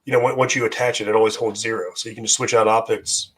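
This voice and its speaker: A slightly low-voiced man chatting casually as a guest, his voice worn and hoarse. He rambles, full of fillers and restarts. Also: level tone, fast, fairly bright tone. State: losing his voice. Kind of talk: casual chat.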